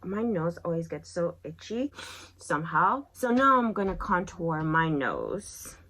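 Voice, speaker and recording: A young woman vlogger telling a lively story while doing her makeup. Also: unhurried, poor audio. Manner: lively storyteller, acts out quotes in a high voice. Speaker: beauty vlogger.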